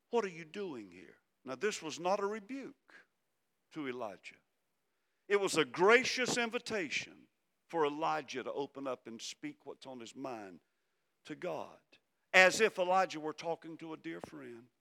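A man preaching a sermon, swinging from loud emphasis down to hushed, soft phrases. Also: fairly high pitch, big pitch swings, normal speed, gravelly. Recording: long hall reverb.

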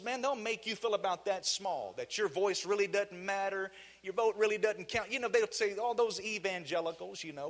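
A man with a Southern US accent preaching an energetic sermon as guest preacher, calling out to the congregation. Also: high voice. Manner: fiery, shouting call-and-response with the congregation. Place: church sanctuary.

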